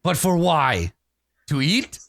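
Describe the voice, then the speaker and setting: A man's voice: on the high side, sing-song, vocal fry, a bit bright, dry recording, studio quality, pitched above the performer's own voice, exaggerated voice. A man putting on a blunt, broken-speaking brute of a woman. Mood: blunt, puzzled. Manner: broken simple speech, slow and heavy.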